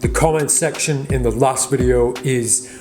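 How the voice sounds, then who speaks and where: A man's voice: mid-range voice, fairly even intonation, normal speed. Man, magic vlog host, joking, reading viewer comments, music playing underneath. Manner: joking, teasing an off-camera helper. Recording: background music.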